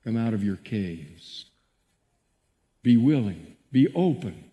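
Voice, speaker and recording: A male pastor preaching a sermon and reading scripture dramatically, moving between hushed and emphatic passages. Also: lowish voice, sing-song, takes it slowly, muffled recording. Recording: long church reverb.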